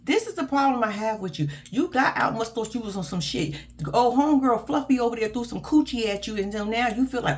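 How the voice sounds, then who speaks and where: A woman's voice: on the high side, animated, brisk, few pauses. A woman, casually ranting through a blunt, profane reaction recap as a show host.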